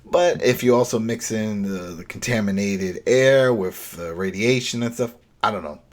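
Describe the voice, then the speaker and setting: Low-voiced man recapping with animated energy. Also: normal speed. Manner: animated, rambling retelling with restarts. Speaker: podcast co-host. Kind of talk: casual recap discussion.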